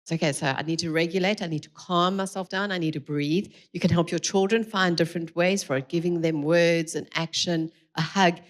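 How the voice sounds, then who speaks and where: Woman, middle-aged, lower voice, lively parenting talk, animated speaker. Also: brisk, hardly any pauses. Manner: lively, acts out quoted dialogue, laughs often. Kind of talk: live talk to an audience. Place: church hall.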